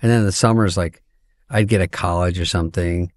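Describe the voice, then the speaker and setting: A middle-aged man, a comedian guest, telling stories in casual chat, profane and animated, acting out quoted voices. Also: low voice, a little fast, dry recording, studio quality.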